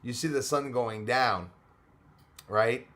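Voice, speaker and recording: A man's voice: medium pitch, slow, fairly bright tone. A middle-aged man chats casually on a live stream. He reads viewer names and comments aloud and fills gaps with "uh" and "um". Now and then a small cough breaks in. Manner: chatty, reads out viewer comments, frequent fillers. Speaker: livestream host.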